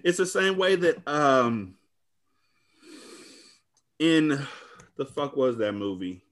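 A man's voice: mid-range voice, big pitch swings, slow. A man on a podcast casually recapping a bad movie, rambling, cursing and joking. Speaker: podcast host.

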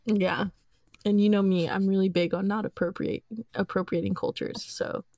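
A woman's voice: mid-range voice, little pitch movement, moderate pace, a little mellow, dry recording, studio quality. A woman game master in a casual podcast chat, talking hesitantly with many fillers.

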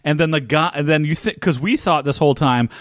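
Male co-host, relaxed casual chat, dry close sound. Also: a little high, fairly quick, dry recording. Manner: relaxed, chiming in with short agreements. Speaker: podcast co-host. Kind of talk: casual chat recapping a TV episode.

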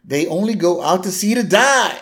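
A man voicing a prim, cheerful middle-aged cartoon neighbor in a high, earnest voice. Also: expressive, normal speed, a bit bright, a little hiss or hum. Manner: earnest, pitched well above his own voice.

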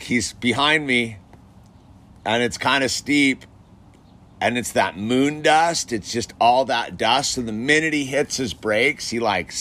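A man's voice: medium pitch, fairly bright tone. Laid-back man telling a laughing story. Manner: chatty, laughing, says "dude" and "like" often. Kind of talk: casual anecdote.

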